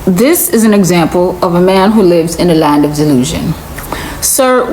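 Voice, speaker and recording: A woman's voice: on the low side, moderate pace, darkish tone, a little hiss or hum, low-quality recording. A woman giving a reaction commentary, incredulous and lecturing, driving her points home by repeating them.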